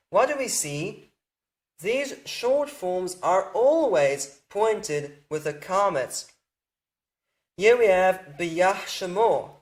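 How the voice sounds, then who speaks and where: A man giving a patient, methodical lesson on Hebrew vowel points, repeating the key points as he goes. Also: high voice. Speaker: Hebrew grammar teacher. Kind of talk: slow explanatory lecture.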